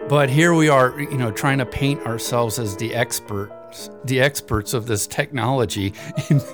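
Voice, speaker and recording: A man's voice: medium pitch, unhurried. A man who presents webinars telling a casual anecdote in a chatty way, with fillers and frequent chuckles. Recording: voice over clear background music.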